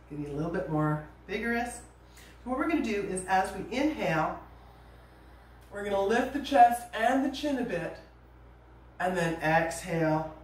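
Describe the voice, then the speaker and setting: A woman teaching a yoga class, giving calm, gentle cues with casual asides. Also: fairly low pitch. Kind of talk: guided yoga class instruction. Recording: echoey room, voice from a distance, faint noise.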